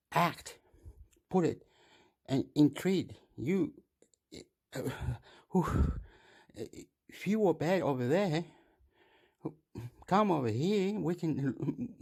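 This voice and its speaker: A man's voice: on the high side, creaky, mellow. A man giving loose, rambling commentary, chuckling often and swearing casually.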